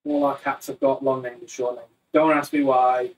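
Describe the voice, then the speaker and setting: A man's voice: mid-range voice, little pitch movement, normal speed. A man teaching an online Muay Thai class from his living room, chatty and jokey, rambling between instructions. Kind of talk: casual live online class chat. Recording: distant, slightly roomy sound.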